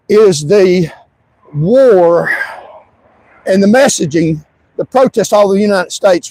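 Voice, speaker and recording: A man talking on a livestream in an insistent, repetitive way, stretching out key words and sometimes shouting. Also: very high-pitched, rough recording. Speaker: livestream commentator. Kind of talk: emphatic livestream monologue.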